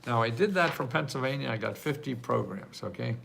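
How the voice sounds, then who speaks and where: A man's voice: medium pitch, animated, a little fast, gravelly, fairly bright tone, slight background noise. An older man hosting a live video stream, answering viewer questions in a chatty, rambling way and laughing often. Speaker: livestream host answering viewer questions about grants. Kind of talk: casual live Q&A.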